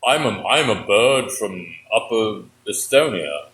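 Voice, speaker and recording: A man doing a deep solemn bird. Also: lively intonation, unhurried, fairly bright tone. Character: solemn deep-voiced bird proposing partnership. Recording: echoey bar room.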